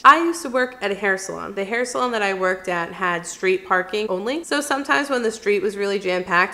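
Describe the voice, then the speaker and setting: A woman's voice: medium pitch, bright, forceful tone. A woman vlogger telling true stories in a chatty, casual way, laughing often and acting out the voices of others. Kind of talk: casual storytime.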